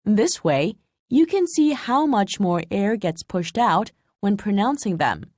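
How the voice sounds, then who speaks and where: A woman reads a language lesson script with clear, measured explanations. Her pitch moves in a lively way through each sentence. The recording is dry and close, like a studio voice-over. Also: dry recording. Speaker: language instructor. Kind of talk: scripted instructional narration.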